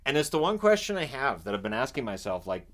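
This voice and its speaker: A man from Canada chatting casually about a reality show he watches, animated and often restarting his sentences. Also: medium pitch, fast talker. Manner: animated, acts out quotes in raised voice; repeats and restarts words often. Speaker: vlogger. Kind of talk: casual chat.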